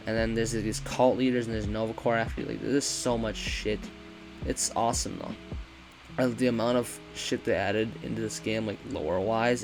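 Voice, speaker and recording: A man's voice: lowish voice, vocal fry, low-quality recording. A man giving a rambling, profane, casual review of a video game, often correcting himself.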